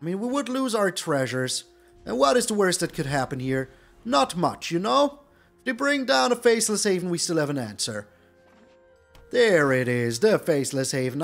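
A man with a high, gravelly voice talks through his game in a lively, swooping way, groaning and pleading theatrically at every setback. Soft music plays underneath. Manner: animated, theatrical groaning at the opponent. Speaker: gaming channel host. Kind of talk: live gameplay commentary.

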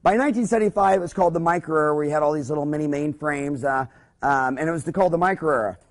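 A man's voice: a little high, racing. A man in his forties, a dentist, giving a blunt, profane business talk full of stories and emphatic punchlines. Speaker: dentist and speaker.

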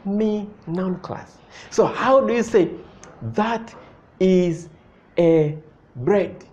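A man teaching a language lesson, slowly repeating example phrases and asking learners whether they follow. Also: sits high, darkish tone. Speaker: Swahili teacher. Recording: dull lo-fi sound.

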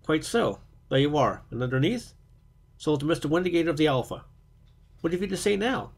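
A man voicing a gruff, loud market goose salesman who blusters and scoffs, in a storybook reading. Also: on the high side, big pitch swings, a little fast, full character voice. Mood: scornful. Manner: blustering, scornful.

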